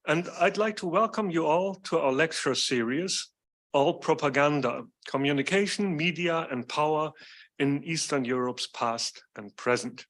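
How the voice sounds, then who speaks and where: A man opens an evening lecture with a formal, measured welcome. His voice sits a little high for a man, and he reads his introduction steadily. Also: a bit bright. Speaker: lecture series host. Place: lecture hall.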